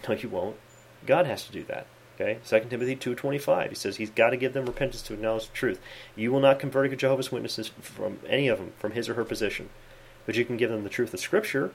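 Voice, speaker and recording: A man's voice: mid-range voice, fast talker, vocal fry, slight background noise. A man at his desk giving an earnest, conversational Bible teaching for his video channel, quoting scripture and using frequent fillers. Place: at his desk in a study with bookshelves.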